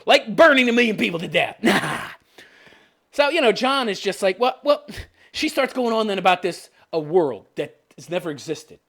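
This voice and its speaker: A commentary host rants sarcastically in casual commentary, laughing often, swearing, and mocking the characters he quotes as he describes them. His high voice is very animated, creaky, and fairly bright, at a normal speed.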